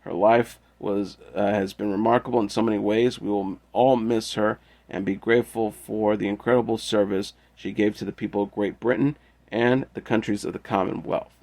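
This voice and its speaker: A man hosting an entertainment news show, reading out tributes in a steady, measured way. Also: lowish voice. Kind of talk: reading news and quotes aloud.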